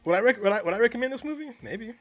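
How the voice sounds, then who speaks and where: A man co-hosting a film review podcast, chatting casually in a dry, deadpan, long-winded way. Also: extremely high pitch, rapid-fire, soft background music. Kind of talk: casual chat. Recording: dull lo-fi audio.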